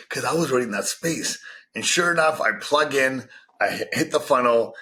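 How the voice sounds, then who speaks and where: Bright-voiced, foul-mouthed man from Vancouver. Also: medium pitch, a little fast. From Vancouver, Canada. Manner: swears constantly, excited storytelling. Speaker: podcast guest. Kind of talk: casual podcast chat.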